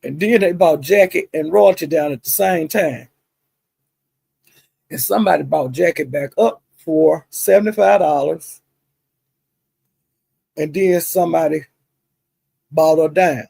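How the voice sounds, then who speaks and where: A woman's voice: low-pitched, unhurried, gravelly, long pauses, mellow, husky, dry recording. A woman hosting a livestream, chattily retelling gossip with lots of asides and some cussing. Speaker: livestream host. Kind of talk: casual gossip storytelling.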